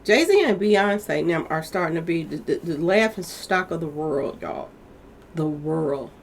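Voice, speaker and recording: There's a little background noise behind this woman's low, creaky voice, and she speaks somewhat slowly. Hosting her own channel, she gossips about celebrities with chatty energy, addressing viewers directly as "y'all."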